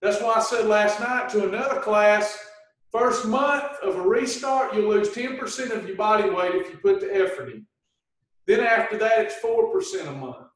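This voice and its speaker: A high-voiced man with a drawl, coaching on weight loss in a folksy, lively way. He sits a bit back from the mic in a very echoey room. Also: normal speed, recorded from a distance. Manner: folksy, animated, acts out people's complaints. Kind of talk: livestream coaching talk.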